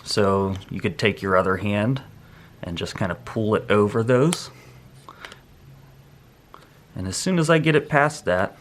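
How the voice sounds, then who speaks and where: Man, low voice, relaxed rambling tutorial, thinks aloud while working, faint hiss and clicks. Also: a little slow, pauses often. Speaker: photography instructor. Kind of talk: hands-on tutorial.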